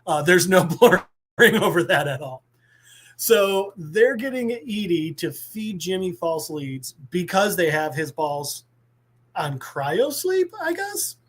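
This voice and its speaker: A man's voice: sits high, sing-song, slow pace, a bit bright, slightly rough. Rambling crude man recapping comics. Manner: rambling and crude, full of fillers and asides. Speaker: podcast co-host presenting a comic segment. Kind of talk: casual comic recap on a live podcast.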